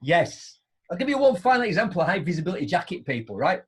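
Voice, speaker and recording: A middle-aged man hosts a live online show, telling anecdotes in a chatty, animated way and acting out both sides of them. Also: high voice, fast talker, slightly rough. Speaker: host.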